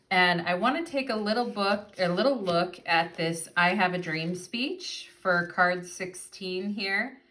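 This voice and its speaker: A woman's voice: on the low side, sharp tone. A young adult woman giving a casual pick-a-card tarot reading, chatty and effusive, talking straight to her viewers and reading passages aloud from a guidebook. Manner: chatty and effusive, addresses viewers as "you guys". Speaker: tarot reader.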